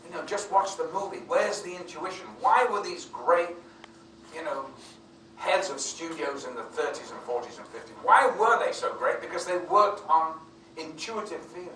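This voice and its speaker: A man, a film actor being interviewed, telling anecdotes in an animated way and acting out other people's voices. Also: on the high side, normal speed. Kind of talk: anecdotal storytelling. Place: convention venue. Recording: echoey room, distant mic, faint noise.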